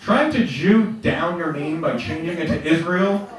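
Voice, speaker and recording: A man's voice: on the high side, a little slow, very noisy. A middle-aged man doing stand-up comedy, telling stories in a punchy, profane way. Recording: echoey room, mic from far off.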